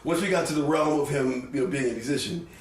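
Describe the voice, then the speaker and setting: A man telling stories as a guest musician in a casual interview, animated and laughing, with halting restarts, recorded in a living room. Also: on the high side. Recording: roomy, distant mic, faint noise.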